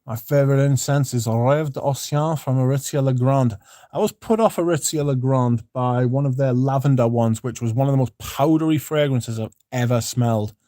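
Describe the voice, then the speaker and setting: A man's voice: medium pitch, normal speed, mellow, dry recording, studio quality. A man hosting a casual livestream, reading out viewer comments and chatting in a rambling, laid-back way with the odd swear. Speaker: livestream host.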